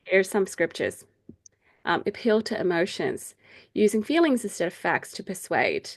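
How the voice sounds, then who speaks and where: Speaking at a moderate pace with a sing-song lilt, this faith group leader gives a casual teaching talk to her group on a video call. She's middle-aged and talkative, laughs readily, and voices the people she quotes in a higher pitch.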